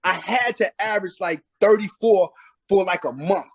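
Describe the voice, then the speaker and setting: A middle-aged man with a notably high voice tells stories from his playing days in a casual interview. He is emphatic and acts out what people said to him. The sound is dry and close. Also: normal speed, gravelly, dry recording. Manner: emphatic, acts out past conversations. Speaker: guest, former pro basketball player.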